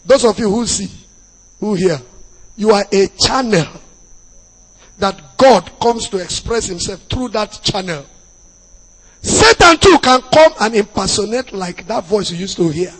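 A man with a Nigerian accent preaching as a pastor, dropping into Pidgin asides and bursting into loud emphasis. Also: high voice, lively intonation, unhurried, pauses often, husky. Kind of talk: sermon. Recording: long hall reverb.

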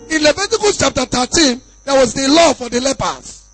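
Nigerian pastor preaching to his church, high husky voice, reads slowly then shouts for emphasis, soft music underneath. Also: big pitch swings, rough recording. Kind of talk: sermon.

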